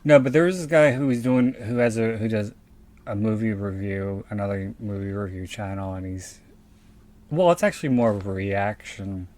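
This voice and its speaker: A man's voice: fairly low pitch, normal speed, darkish tone. A man with a South Philadelphia accent, co-hosting a casual podcast and rambling through profane asides. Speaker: podcast co-host. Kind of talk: casual chat.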